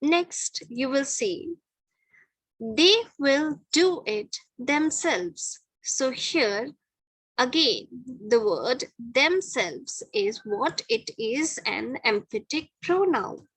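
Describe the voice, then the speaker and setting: Slow, breathy-voiced woman teacher. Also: high voice, lively intonation, a bit bright, dry recording, rough recording. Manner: patient, repeats each point with okay. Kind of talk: grammar lesson.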